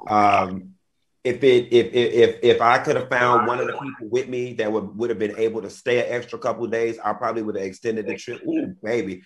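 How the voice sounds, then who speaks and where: A flamboyant man chatting with his co-hosts, playful and dramatic as he tells stories. His delivery is loose and expressive, with an ordinary middle-pitched voice. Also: brisk. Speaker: co-host. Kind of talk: casual chat.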